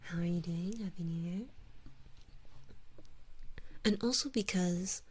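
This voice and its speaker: A woman from Canada with a Canadian accent, softly whispering as she chats with viewers in an ASMR stream. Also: lowish voice, slightly rough. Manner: soft whispering, chatty and drawn-out words.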